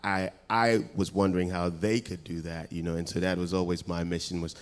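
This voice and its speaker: A man's voice: low voice, level tone, fairly quick. A man from West Africa whose first language is not English, answering in a laid-back, modest way with many fillers. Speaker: musician guest. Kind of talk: interview answers. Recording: long hall reverb.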